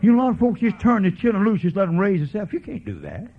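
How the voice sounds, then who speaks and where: A man preaching a revival sermon as a folksy evangelist, swinging from quiet murmurs to fervent preaching. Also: sits high, wildly swooping pitch, fast talker. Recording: tinny lo-fi sermon tape.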